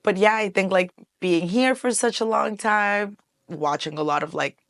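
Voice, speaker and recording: A woman's voice: mid-range voice, normal speed, fairly bright tone, no room sound. A woman in her twenties from Colombia, a guest in a casual interview, who talks animatedly, laughs often and switches between English and Spanish.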